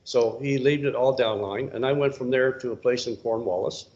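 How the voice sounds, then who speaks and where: Folksy older man, muffled recording. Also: moderate pace. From Ontario, Canada. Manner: folksy, rambling, relaxed. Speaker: retired soldier giving a talk. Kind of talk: casual storytelling talk. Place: public library event room. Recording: muffled low-fidelity recording.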